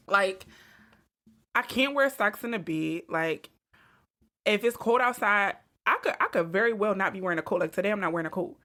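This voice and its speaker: A young woman co-hosting a casual would-you-rather chat, animated and playful, laughing often. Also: mid-range voice. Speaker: co-host.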